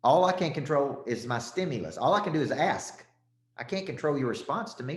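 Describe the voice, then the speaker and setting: A man's voice: mid-range voice, very animated, fairly quick, echoey room. A man with a Southern accent, a sales coach giving a punchy, repetitive motivational talk and calling out listeners by name.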